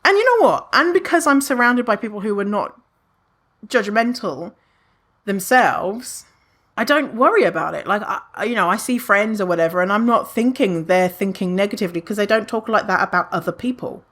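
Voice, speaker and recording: A woman hosting a solo podcast in a casual, animated way. She swears freely, laughs often and acts out other people's imagined thoughts. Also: medium pitch, normal speed. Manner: laughs often at her own remarks. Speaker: podcast host.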